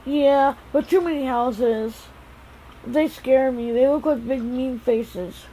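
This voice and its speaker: A woman's voice: sits high, fairly even intonation, takes it slowly, mellow, a little hiss or hum, rough recording. A woman voicing a frightened, childlike boy who frets and repeats himself.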